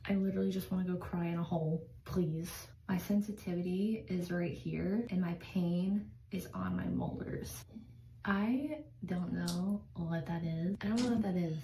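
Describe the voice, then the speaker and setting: Young woman, anxious confessional vlog, warm mellow voice, echoey room. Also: on the low side, animated, moderate pace. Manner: anxious, on the verge of tears. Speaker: vlogger in a played clip. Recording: echoey room with background noise.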